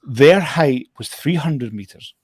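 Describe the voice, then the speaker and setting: A man at a middle pitch chatting casually as a guest, rambling through his story with many restarts and repeated words. He laughs often as he talks. The sound is close and dry, with no room around it. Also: lively intonation, slow pace, a little mellow, no room sound. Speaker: guest drone show operator. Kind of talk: casual chat.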